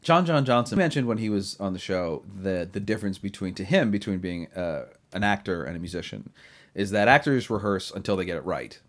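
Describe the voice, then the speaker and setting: A man's voice: deep voice, animated, a little fast. A man hosting a casual chat, talking in long rambling runs full of restarts and asides. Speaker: podcast host.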